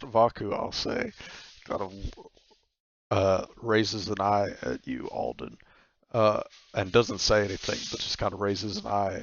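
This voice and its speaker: Slow, gravelly game master. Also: male voice, lowish voice, fairly bright tone, dull audio. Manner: hesitant, full of fillers. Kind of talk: narrating a tabletop game.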